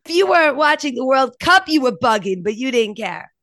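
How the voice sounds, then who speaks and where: A woman's voice: high-pitched, big pitch swings, a little fast, a bit bright, no room sound, studio quality. A woman co-hosting a podcast, chatting casually and enthusiastically about TV shows and laughing often. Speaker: podcast co-host.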